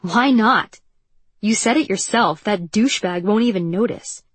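A woman narrator voicing a brash young man who speaks in an offhand, slangy way, with a slightly husky voice. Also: mid-range voice, a little slow, no echo. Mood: scornful.

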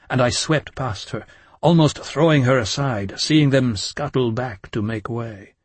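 Husky man narrating a dark audiobook. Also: mid-range voice, a little slow, no room sound. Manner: intense, emotional, sometimes hushed. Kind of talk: dramatic first-person audiobook narration.

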